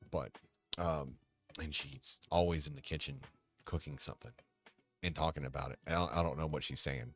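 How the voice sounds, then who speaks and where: A man hosting a casual livestream chat, rambling and hesitant, with many restarts, sighs and quiet mumbles. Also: very deep voice, creaky. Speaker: livestream host.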